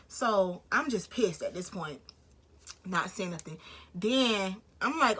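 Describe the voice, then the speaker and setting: A woman's voice: medium pitch, expressive, a little slow, a bit bright, slightly rough. A woman vlogger telling a story in a casual, slangy, profane way, acting out both sides of the conversation.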